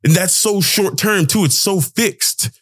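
A man's voice: sits high, a little slow, fairly bright tone, slightly rough, no room sound. Dry, rambling young male podcast host. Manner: rambling, emphatic, swears for emphasis. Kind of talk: casual motivational monologue.

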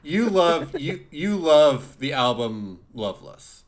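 A man's voice: a little high, big pitch swings, takes it slowly. A man co-hosting a music podcast, talking casually with frequent laughter and repeated words. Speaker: podcast co-host. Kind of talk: casual chat.

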